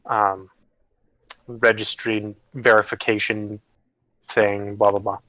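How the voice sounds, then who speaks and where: A man narrates a tabletop role-playing session as game master, his voice bright and forceful. He speaks casually, pausing often with fillers as he works out the scene. The recording is close and dry, with no room sound. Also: lowish voice, level tone, no room sound, highs cut off. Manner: casual, hesitant, many fillers.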